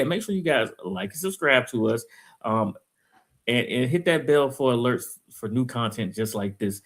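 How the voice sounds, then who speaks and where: Male sports podcast host, laid-back, mid-pitched voice. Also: fairly bright tone. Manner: laid-back, plugs the show. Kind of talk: casual sports chat.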